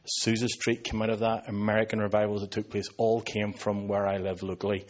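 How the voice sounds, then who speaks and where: A Northern Irish pastor in his fifties preaches a sermon to a live audience, tossing out joking, sarcastic asides. He speaks with a Northern Irish accent in a lowish, flat voice at a brisk pace.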